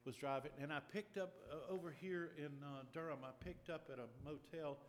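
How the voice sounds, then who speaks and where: A man preaching a sermon and telling a personal story in an earnest, deliberate way, with lots of repetition. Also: on the high side, a little hiss or hum. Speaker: pastor. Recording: long reverb of a large hall.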